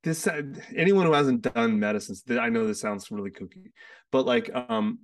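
A man's voice: mid-range voice, very animated, moderate pace, far from the mic. A man hosting a casual, heartfelt conversation, rambling with lots of restarts and fillers. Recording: sits away from the mic.

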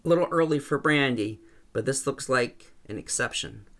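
A man voicing a blunt, joking older rancher who talks in a gruff, plainspoken way. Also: mid-range voice, normal speed, fairly bright tone, close to an everyday voice. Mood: folksy.

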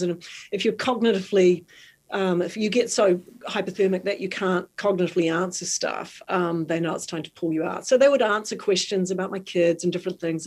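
A middle-aged New Zealand woman with a mid-pitched voice, telling stories in an interview. She is animated and lively and giggles easily, with a New Zealand accent throughout. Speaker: guest, marathon swimmer. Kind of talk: storytelling in conversation.

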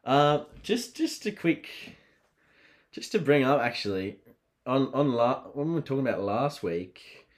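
Wry Australian co-host. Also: male voice, medium pitch, very animated, a little slow. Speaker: podcast co-host and producer. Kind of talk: casual chat.

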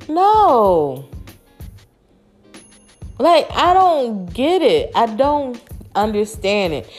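A woman's voice: mid-range voice, a little mellow. A woman talking straight to camera in a frank, emphatic, casual monologue that has some swearing.

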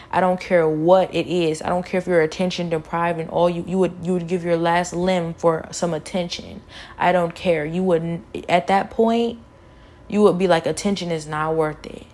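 A woman's voice: lowish voice, a little mellow. A young woman telling an emotional personal testimony, fervent and repetitive, with many "like" fillers. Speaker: vlogger sharing a personal testimony.

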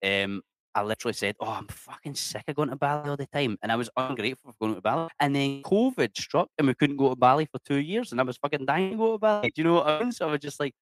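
A man tells stories as a podcast guest in a casual, sweary and animated way. His voice sits at a middle pitch and sounds close and dry. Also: racing, dry recording. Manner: swears freely, animated, many restarts. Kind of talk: casual storytelling interview.

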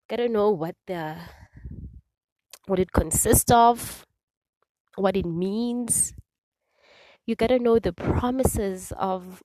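A woman's voice: mid-range voice, a little mellow, no echo. Earnest woman podcasting from a car. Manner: earnest, repeats herself, many fillers. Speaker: podcast host. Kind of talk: casual faith talk. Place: parked car. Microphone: phone or built-in mic, no proper microphone.

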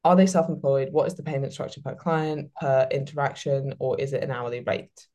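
This podcast host is a woman with a rumbling low, mellow voice who talks a little fast. She chats casually, leans heavily on "like" as a filler, and reads out questions from listeners.

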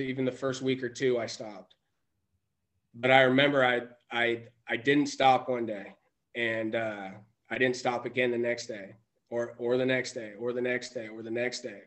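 A man's voice: medium pitch, a bit bright. A man telling a personal story as a podcast guest, rambling with many restarts and self-corrections. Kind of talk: casual storytelling.

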